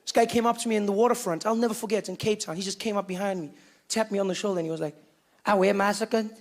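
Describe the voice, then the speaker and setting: High-voiced young South African comic. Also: male voice, rapid-fire. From Johannesburg, South Africa. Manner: animated storytelling, self-mocking. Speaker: stand-up comedian. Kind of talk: stand-up comedy routine.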